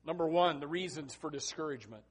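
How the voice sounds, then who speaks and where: A man preaching a sermon to students, reading scripture softly and then exhorting loudly, often repeating words as he starts a sentence. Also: on the high side, fast, husky. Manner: animated, swings between hushed scripture reading and loud exhortation.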